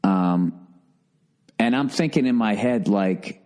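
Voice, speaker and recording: A man hosting a solo comedy podcast, ranting profanely and swinging from shouted outbursts to low grumbling. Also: slow. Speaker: podcast host.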